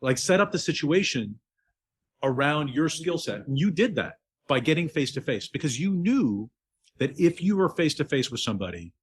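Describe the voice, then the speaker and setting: A man's voice: fairly high pitch, very animated, normal speed, breathy edge. A man hosting a podcast, summing up the guest's story with short prompting questions. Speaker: podcast host. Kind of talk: interview chat.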